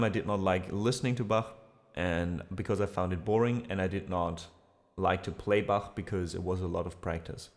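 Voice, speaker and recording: Relaxed low-voiced man chatting on stream. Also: big-room sound. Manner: relaxed, rambling, fillers and laughs. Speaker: musician streamer. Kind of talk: casual livestream chat.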